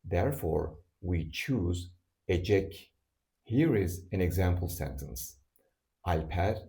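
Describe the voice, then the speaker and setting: A man with a low, dark voice delivers a scripted language lesson at an unhurried pace. He lays out each rule deliberately and repeats every example word so learners can follow. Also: animated, creaky. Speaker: language teacher.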